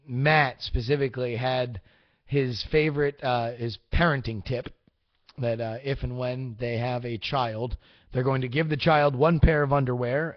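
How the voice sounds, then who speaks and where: A young man hosting a casual live-streamed podcast, answering chat with rambling, profane, excitable rants. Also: medium pitch, no echo, muffled recording. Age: young adult. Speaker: podcast host.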